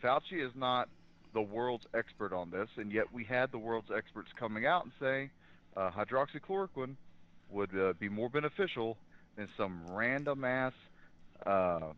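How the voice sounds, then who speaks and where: A man in law enforcement, a talk show guest, who gives earnest opinions and pauses with fillers. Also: medium pitch, lively intonation. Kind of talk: casual political talk. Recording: dull lo-fi remote line.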